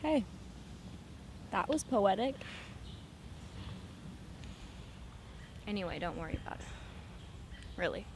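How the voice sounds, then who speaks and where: An actress playing a moody young woman with a wry, deadpan way of reciting her dark poems. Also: medium pitch, moderate pace, noisy background. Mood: gentle. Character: young woman, moody, poetic, hard to comfort. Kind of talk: film dialogue, reciting a poem. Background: music.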